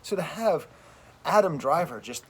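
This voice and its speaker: A man's voice: on the high side, unhurried, husky. Emphatic American man ranting outdoors. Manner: animated and emphatic, with repeated phrases. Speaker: French professor, channel host. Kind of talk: casual opinion rant.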